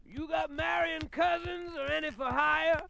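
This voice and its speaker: A man's voice: very high voice, steady tone, gravelly, slight background noise, voice pushed up, full character voice. A man voicing a mysterious voice on a line that fires off pushy rhyming questions. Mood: pushy, shouting. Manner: rapid rhyming interrogation, shouted.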